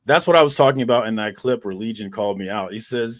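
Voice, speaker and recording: A man's voice: mid-range voice, brisk, hardly any pauses. A man in his thirties ranting heatedly and swearing freely in a casual online comic hangout. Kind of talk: casual livestream chat.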